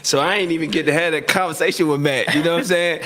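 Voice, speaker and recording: A man telling football stories in a casual interview, acting out quotes loudly and laughing often. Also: fairly high pitch, steady tone, fast talker. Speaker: retired football receiver, guest.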